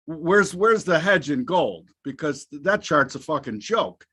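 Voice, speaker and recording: A man's voice: a little high, animated, a little slow, bright, forceful tone, slightly rough. A man hosting a casual market show, joking and cursing freely. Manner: jokey, profane banter. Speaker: host.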